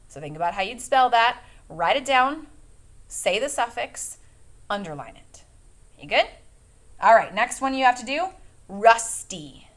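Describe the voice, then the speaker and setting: A woman teacher giving a phonics lesson, with clear, patient instructions and frequent check-ins. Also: mid-range voice, a bit bright. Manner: clear, patient classroom instructions with lots of okays.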